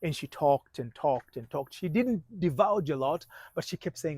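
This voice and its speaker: A man with a somewhat high voice tells a motivational story as a marriage coach. He restarts his sentences often and drops almost to a hush when the story turns tense. The sound is dry, with no room echo. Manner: halting, many restarts, drops to a hushed voice at tense moments.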